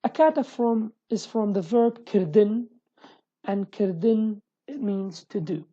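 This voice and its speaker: A woman with a Sulaymaniyah Kurdish accent, a native Kurdish speaker, teaching an online language lesson in English with many restarts and slow repeated examples. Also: medium pitch, expressive, warm tone, slightly rough, lo-fi sound.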